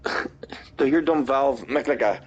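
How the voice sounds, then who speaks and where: A man's voice: mid-range voice, a little slow. A man in casual chat, encouraging and chiming in with short replies. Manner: encouraging listener with short affirmations. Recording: dull lo-fi audio.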